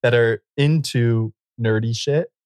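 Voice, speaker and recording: A man's voice: medium pitch, slow, a little mellow, dry recording, clean studio sound. A man co-hosting a podcast in casual chat, rambling and laughing often. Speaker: podcast co-host.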